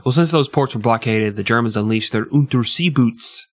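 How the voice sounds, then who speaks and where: A man's voice: medium pitch, normal speed, fairly bright tone, dry recording. Crude, joking man hosting a podcast. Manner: crude, joking, laughs often. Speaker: podcast host. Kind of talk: casual comedic history podcast.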